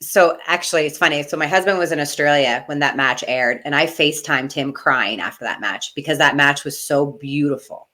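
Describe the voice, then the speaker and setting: A middle-aged woman with a low voice tells her stories in a casual interview. She gushes, and she sounds near tears throughout. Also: brisk, few pauses, pushed and bright. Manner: emotional, gushing, near tears. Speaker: guest, retired wrestler.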